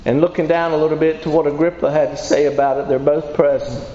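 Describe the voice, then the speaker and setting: A man with a slightly high, warm voice talks fast with fairly even intonation, and there's a bit of background noise. He's preaching a folksy, emphatic call-and-response sermon in a church hall, often putting questions to the congregation. The echoey hall gives the recording a dull, lo-fi sound.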